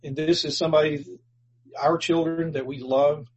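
A man's voice: fairly high pitch, steady tone, normal speed, muffled recording, slight background noise. A man preaching a sermon in an earnest, plainspoken way, reading and explaining scripture for a congregation. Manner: earnest, plainspoken, restarts words, rises when quoting scripture.

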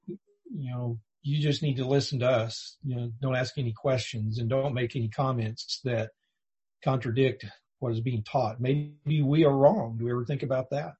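In poor audio, a man with a medium-pitched, mellow, husky voice preaches a sermon at normal speed in a steady tone. He's earnest and plainspoken, reading and explaining scripture for a congregation, restarting words and rising whenever he quotes scripture.

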